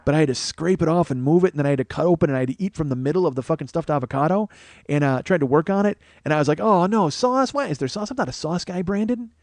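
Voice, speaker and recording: Brief: male comic, quick profane storytelling, bright-ish voice, dry mic. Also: fairly high pitch, no room sound. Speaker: comedian host. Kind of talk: rambling comedic monologue.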